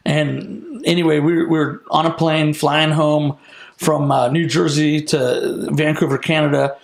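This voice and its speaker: Excited guy telling a wild story, gravelly voice, kinda high. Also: measured pace, echoey room. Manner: excited, restarts often, quotes people in lively voices. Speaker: guest telling a testimony. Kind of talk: animated storytelling.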